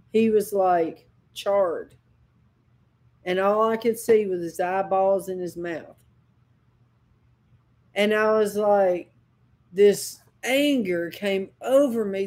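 Slow, impassioned woman preacher. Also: mid-range voice, dark tone. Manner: impassioned, dramatic storytelling with sudden cries. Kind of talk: sermon with personal testimony.

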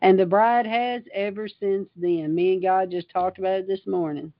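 A woman's voice: mid-range voice, steady tone, moderate pace, dry recording, lo-fi sound. A woman preaching an informal livestream sermon, fervent and emphatic, reading scripture and riffing on it. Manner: fervent and emphatic, reads scripture then riffs on it.

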